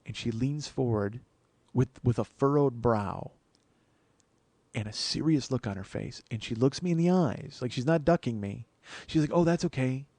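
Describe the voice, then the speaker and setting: A man who is a comedian telling a story on his podcast, animated, profane and poking fun at himself. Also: medium pitch, moderate pace, no room sound. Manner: animated, profane, self-mocking. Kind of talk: comic storytelling.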